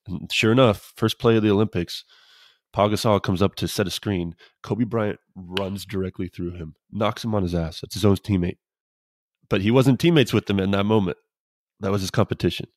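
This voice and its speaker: A man co-hosting a casual podcast, a former pro pitcher telling laid-back, rambling stories. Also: moderate pace, dry recording, clean studio sound. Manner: laid-back, rambling anecdotes with quoted dialogue. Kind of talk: casual storytelling chat.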